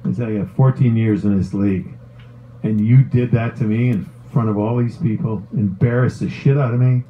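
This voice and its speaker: A middle-aged man, a former hockey player, tells a long story in a casual, animated way, swearing and laughing as he goes. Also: lowish voice, normal speed, narrow, tinny audio, a little hiss or hum. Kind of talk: casual storytelling on a talk show.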